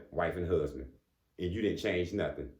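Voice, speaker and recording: A man with a deep, slightly mellow voice delivers a casual motivational talk a little slowly. The room is echoey, and he talks conversationally, often asking "you know what I'm saying" and chuckling between his points.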